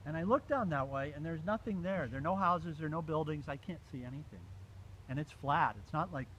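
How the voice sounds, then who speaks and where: A man telling a story to a small group in a relaxed, animated way, laughing often and acting out the dialogue. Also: fairly high pitch, a little fast, poor audio. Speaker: storyteller recounting a pilgrimage walk. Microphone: phone. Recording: faint background noise, phone recording.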